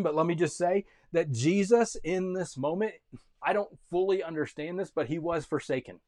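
A passionate male preacher in his thirties with a voice pitched a little high. He moves between fervent, loud exhortation and hushed, personal storytelling. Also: moderate pace. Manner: impassioned, swings from loud urgent calls to quiet intimate storytelling. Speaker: pastor. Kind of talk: sermon.

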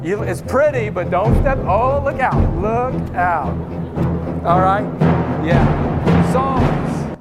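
A man's voice: high-pitched, animated, very slow, pauses often, loud music behind the voice. A man preaching a sermon as pastor in a church service, talking in a conversational way and calling out to the congregation.

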